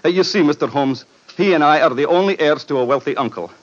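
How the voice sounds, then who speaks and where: An actor playing a frightened, excitable man with a weak heart, pleading breathlessly in 1940s radio style. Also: fairly high pitch, quick pace, lightly acted. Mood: earnest. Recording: dull old radio broadcast.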